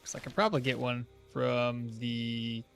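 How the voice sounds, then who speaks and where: A man's voice: medium pitch, flat delivery, measured pace, creaky, a bit bright, clear, resonant tone, soft background music. A man streaming a game live, chatting casually, rambling into asides and chuckling often. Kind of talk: casual live-stream chat while playing.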